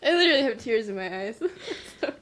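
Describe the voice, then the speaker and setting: A woman with a fairly high voice hosts a casual chat. She laughs readily and backs her guest up with quick, warm replies. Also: expressive, noisy background. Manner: laughs often, quick supportive backchannel. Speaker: podcast host.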